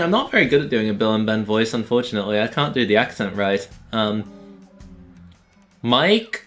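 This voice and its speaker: A man's voice: fairly high pitch, a bit bright. Male streamer, casual game commentary, self-deprecating, laughs, music behind.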